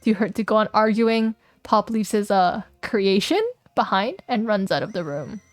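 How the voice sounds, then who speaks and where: A woman's voice: mid-range voice, expressive, moderate pace, no echo, soft background music. A young woman streaming a game, chatting playfully and reading its text aloud, giggling often.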